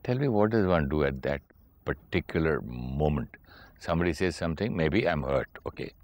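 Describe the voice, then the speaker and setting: Male interviewer, very deep voice, dry close sound, halting questions. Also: animated, a little mellow, no echo. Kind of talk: probing questions.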